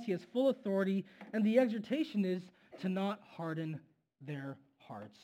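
A man with a notably high voice preaches in a loose, conversational way. He teaches like he's talking with friends and often checks in with the listeners. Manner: conversational and relaxed, with asides and questions to the listeners. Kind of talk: casual sermon teaching.

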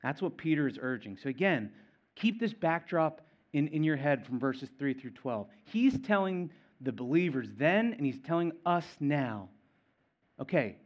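A man preaching a sermon, stressing and repeating key phrases, swinging between loud and quiet. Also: a little high, very animated, normal speed, muffled recording. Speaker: pastor.

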